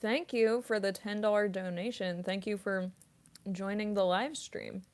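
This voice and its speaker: A woman's voice: medium pitch, fairly even intonation, unhurried, clear, resonant tone. A young woman voice actress chatting casually on a livestream, reading chat aloud with lots of ums and likes while snacking on chips. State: eating chips while talking.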